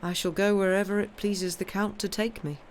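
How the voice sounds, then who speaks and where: A woman voicing a grieving young male soldier in an audiobook reading, speaking flat and weary. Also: fairly low pitch, fast talker, a little hiss or hum, natural voice. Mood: resigned.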